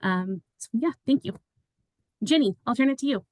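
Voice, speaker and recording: A woman's voice: fairly high pitch, animated, normal speed, darkish tone, no room sound, low-quality recording. A woman who works as an executive assistant, running an online public meeting in a friendly way with many fillers. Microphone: video call.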